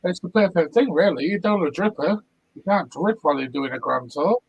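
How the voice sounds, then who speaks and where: A man's voice: sits high, animated, a little fast, gravelly, slightly rough, lo-fi sound. Chatty man hosting a panel. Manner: chatty, runs the votes and moves things along. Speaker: host of a vape review panel. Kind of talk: casual panel chat.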